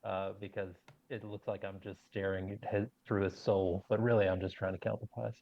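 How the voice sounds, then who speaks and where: Casual male player, gravelly, rambling; muffled lo-fi recording. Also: deep voice, little pitch movement, a little fast, no echo. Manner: rambling, filler-heavy. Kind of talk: casual tabletop role-play. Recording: dull lo-fi mic.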